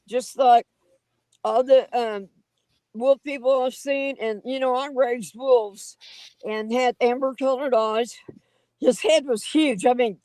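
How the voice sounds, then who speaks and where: High-voiced woman with a drawl. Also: no room sound, rough recording. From Oklahoma. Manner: animated, folksy, dramatic telling with rough grammar. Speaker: guest storyteller on a paranormal livestream. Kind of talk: casual livestream storytelling.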